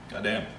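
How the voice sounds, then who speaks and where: A man's voice: on the high side, reverberant, far from the mic, slight background noise. Goofy young man streaming live. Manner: goofy, joking, excitable. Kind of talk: casual live stream chat.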